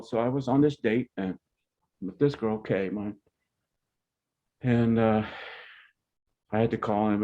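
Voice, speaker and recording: A man's voice: on the low side, a little mellow. An older man, a family elder, telling meandering personal stories to his relatives. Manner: rambling, meandering anecdotes. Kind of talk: storytelling to family. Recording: dull lo-fi sound.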